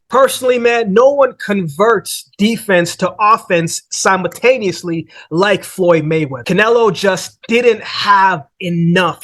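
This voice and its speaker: High-voiced man breaking down boxing. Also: fairly bright tone. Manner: conversational, says "man" and "right?" often. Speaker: boxing analyst host.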